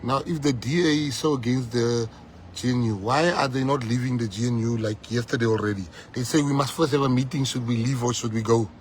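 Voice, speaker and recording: A South African man, a political leader, giving a fiery rally speech, breaking into loud shouts at the peaks. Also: mid-range voice, a little fast, breathy edge. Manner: fiery, switching between English and Afrikaans, shouting at peaks.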